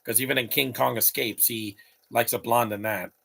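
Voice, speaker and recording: A man's voice: mid-range voice, steady tone, normal speed, vocal fry, bright, forceful tone. A man in his late thirties giving opinionated, rambling live commentary over a movie, talking back at the screen. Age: late 30s.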